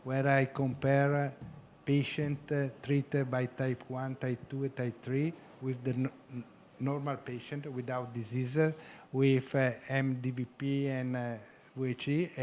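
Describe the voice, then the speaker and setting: Man, surgeon panelist, halting earnest explainer, lots of ums. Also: mid-range voice, level tone, a little mellow, slight background noise. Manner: halting, many pauses and fillers. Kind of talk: panel discussion.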